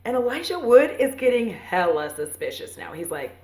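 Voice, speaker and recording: A woman in her thirties casually retelling a movie for a podcast, rambling and profane, with playful asides and quick voices for the characters. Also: a little high, very animated, a little mellow. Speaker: podcast host. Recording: roomy echo.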